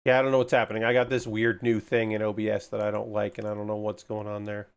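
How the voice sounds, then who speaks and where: A man's voice: fairly low pitch, fast talker, smooth. Rambling, swearing male hobby streamer. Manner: rambling, muttering to himself, swears casually; excitable, gushing about kits. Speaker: livestreamer building model kits. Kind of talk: casual livestream chat.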